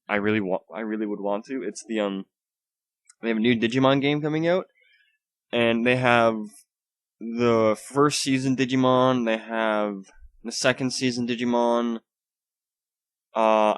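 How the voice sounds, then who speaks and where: Speaking quietly on his solo podcast from a home room, a young man wanders casually through his thoughts with frequent swearing, filler words and restarts. His voice is mid-range and smooth.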